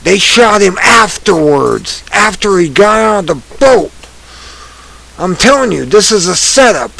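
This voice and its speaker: A man giving ranting online news commentary. He reads headlines and then rants angrily, swinging from low mutters to shouts. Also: vocal fry, low-quality recording.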